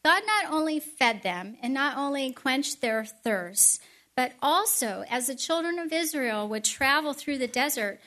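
A middle-aged woman giving a storytelling sermon with chatty, animated asides. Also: high voice, measured pace. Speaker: speaker at a Christian event.

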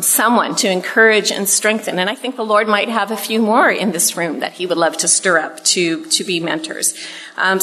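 A woman's voice: medium pitch, pushed and bright, low-quality recording. A middle-aged woman giving an earnest, conversational Bible teaching to a women's group in a room. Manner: earnest, conversational, emotional at times.

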